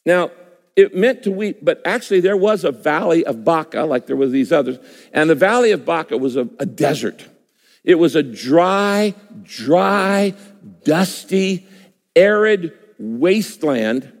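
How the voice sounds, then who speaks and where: A man's voice: a little high, animated, a little slow. A man preaching a sermon as a pastor, emphatic and repeating key phrases for effect. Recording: long hall reverb.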